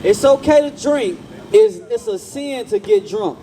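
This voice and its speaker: A man's voice: very high voice, lively intonation, measured pace, dark tone. A man preaching outdoors on a street, blunt and slangy, firing questions at passers-by and repeating himself.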